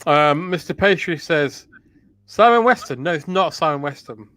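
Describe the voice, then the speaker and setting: A man hosting a loose comedy chat, playfully running a quiz and reading out viewer guesses. His voice sits a little high and swings widely as he teases. The sound is close and dry. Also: expressive, moderate pace, bright, forceful tone, no room sound. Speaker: host running a lookalike quiz.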